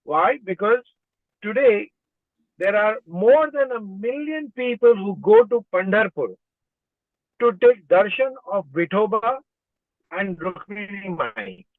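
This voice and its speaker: A man calls in from a car, with a fairly high voice. He begins haltingly, then explains at length. His voice comes through a thin, dry, phone-like line. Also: expressive, no room sound. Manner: hesitant starts, then explanatory. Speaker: caller on video call. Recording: tinny dry phone-like call audio.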